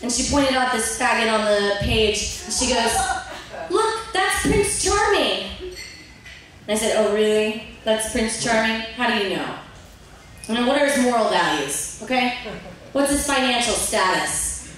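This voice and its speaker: A woman's voice: a little high, a little hiss or hum. Young woman doing stand-up in a bar. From Virginia, USA. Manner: deadpan delivery with filler pauses, laughs at own jokes. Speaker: stand-up comic. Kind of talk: open-mic stand-up set. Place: bar stage. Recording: roomy bar audio from a distant mic.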